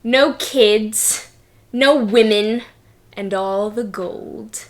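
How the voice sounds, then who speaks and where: A woman voicing an arrogant, villainous male duke who boasts slowly and smugly. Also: medium pitch. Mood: gloating.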